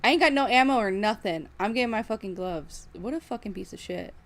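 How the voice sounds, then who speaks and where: A woman's voice: medium pitch, animated, brisk. A woman streamer on a live stream, swearing constantly and breaking into angry outbursts as she plays. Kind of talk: live stream gaming and reacting.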